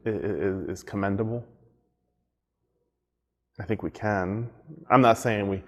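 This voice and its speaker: A man as pastor giving a devotional sermon, reflective and conversational, repeating phrases for emphasis. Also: fairly low pitch.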